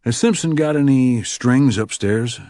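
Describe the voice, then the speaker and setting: A man's voice: mid-range voice, unhurried, mellow, dry recording, voice pushed up, close to an everyday voice. A man voicing a dry, wry federal agent in an audiobook. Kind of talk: audiobook character voice.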